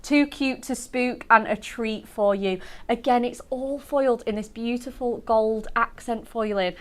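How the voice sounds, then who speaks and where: A woman's voice: fairly high pitch, a little slow. A woman presenting on a craft TV show, chatting effusively about products with lots of gasps and gushing praise. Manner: effusive, bubbly, full of gasps and "so cute". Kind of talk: gushing product demo chat.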